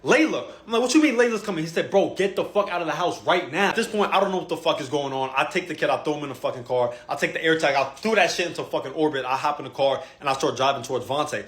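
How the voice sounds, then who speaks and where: Brief: male comic storyteller, quick delivery, plays out the dialogue, roomy echo. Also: a little high. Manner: animated, profane, quoting others in dialogue. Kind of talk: comedic storytelling.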